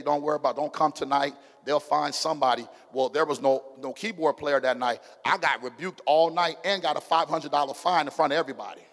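A middle-aged male pastor with an African American Vernacular English accent, preaching a sermon with call-and-response and swinging from hushed to shouting. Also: mid-range voice. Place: church sanctuary. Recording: long hall reverb.

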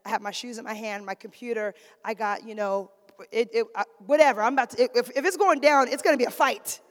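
High-voiced woman preaching in a reverberant church. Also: brisk. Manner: swings from shouted exhortation to quiet storytelling. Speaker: preacher, pastor's wife. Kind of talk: sermon with personal story. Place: church sanctuary. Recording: long reverb of a church hall.

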